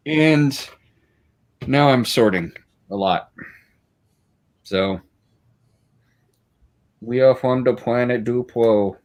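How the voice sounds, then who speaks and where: A man chatting casually on a video call, giving a relaxed, upbeat update. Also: medium pitch.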